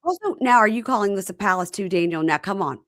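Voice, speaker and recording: A woman hosting a casual chat show, retelling scenes with lively acted-out bits. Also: medium pitch, fast, dry recording, clean studio sound. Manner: animated storyteller, acts out scenes. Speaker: podcast host recapping reality TV.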